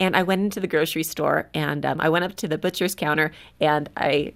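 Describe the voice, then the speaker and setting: A woman's voice: sits low, brisk, vocal fry. A middle-aged woman telling a faith story in a casual talk, laughing often and acting out what people said. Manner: animated storyteller, laughs often, acts out quotes. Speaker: guest.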